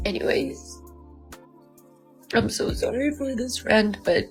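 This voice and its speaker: A weary, tearful woman ranting slowly on a vlog. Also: on the high side. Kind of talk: emotional vlog rant. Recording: clear music behind.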